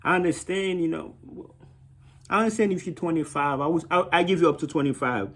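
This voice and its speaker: A man's voice: a little high, a little fast, fairly bright tone. A man with a Haitian accent giving blunt, mocking dating advice in a casual monologue, often repeating himself.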